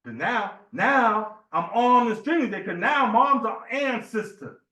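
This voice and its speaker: Man, temple speaker, high voice, loose storytelling sermon, roomy hall sound. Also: very animated, measured pace, sharp tone. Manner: conversational, storytelling, asks the room "right?". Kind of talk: informal sermon talk.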